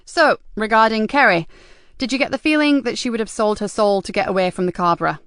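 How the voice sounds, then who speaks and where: A woman's voice: medium pitch, quick pace, no echo, studio quality, close to an everyday voice. Woman reading as a blunt, tough female detective. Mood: probing. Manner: blunt, forceful.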